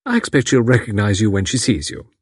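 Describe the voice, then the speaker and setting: A man voicing a calm, competent middle-aged woman who talks cheerfully and comfortably. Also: on the low side, fast talker, slightly rough, no echo, clean studio sound. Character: calm competent matron of about fifty.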